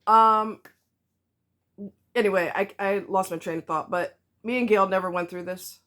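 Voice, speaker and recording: A woman's voice: medium pitch, fairly even intonation, normal speed, fairly bright tone. A woman ranting to her viewers in a vlog, blunt and emphatic, repeating herself for stress. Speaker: vlogger. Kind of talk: ranting to camera.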